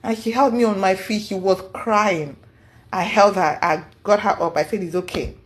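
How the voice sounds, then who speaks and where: A woman tells a long personal story to her audience in a casual, unscripted monologue. Her voice sits at a middle pitch. She is earnest and aggrieved, and she often circles back to repeat and restart her words. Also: moderate pace. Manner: rambling, repeats and restarts words while recounting events. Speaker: vlogger telling a personal story. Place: lives in the United States.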